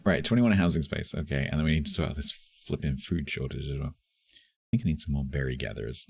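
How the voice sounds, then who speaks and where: A male streamer talks through his game in a casual, chuckling ramble. His voice sits extremely low and husky, recorded dry and close. Faint music plays underneath. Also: fast talker, no room sound. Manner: chatty, chuckling, thinking aloud. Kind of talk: casual live gameplay commentary.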